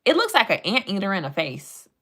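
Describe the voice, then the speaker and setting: Chatty woman with a bright voice. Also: mid-range voice, huge pitch swings, a little fast. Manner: playful, chatty, talks to chat and reads facts aloud. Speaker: live streamer. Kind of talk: casual live-stream chat.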